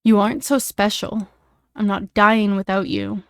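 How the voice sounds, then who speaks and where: A woman's voice: medium pitch, completely flat delivery, very slow, gravelly, fairly bright tone, clear, resonant tone, no room sound, studio quality, heavily acted. A woman voicing a young male hockey player who speaks in a cold, cutting way.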